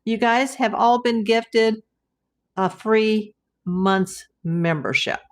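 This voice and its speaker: A woman's voice: fairly high pitch, takes it slowly. A woman hosting a casual livestream, chatting with viewers, reading their comments aloud and greeting them by name. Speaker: livestream host.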